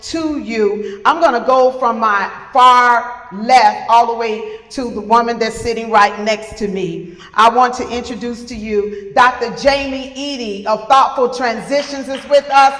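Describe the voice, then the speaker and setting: A woman's voice: on the high side, unhurried, a bit bright. A middle-aged woman hosting a live podcast panel, introducing guests with effusive, repeated words of praise. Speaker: podcast host. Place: retreat event room with live audience. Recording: roomy hall with long reverb.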